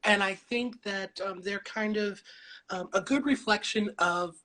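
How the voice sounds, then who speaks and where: A woman's voice: mid-range voice, unhurried, a bit bright. A woman hosting a live video call interview, bubbly, with lots of fillers. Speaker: interview host.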